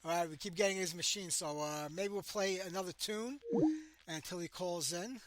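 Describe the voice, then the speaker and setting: Chatty male radio host, slightly high voice. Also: normal speed, fairly bright tone, no room sound. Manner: loose and chatty, talks through dialing attempts. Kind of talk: casual live radio hosting.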